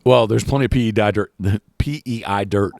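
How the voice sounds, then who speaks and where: A man's voice: lowish voice, a little fast, vocal fry, darkish tone, no room sound. A man hosting a podcast, talking casually in a rambling way with many restarts and fillers. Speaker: podcast host. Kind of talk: casual chat.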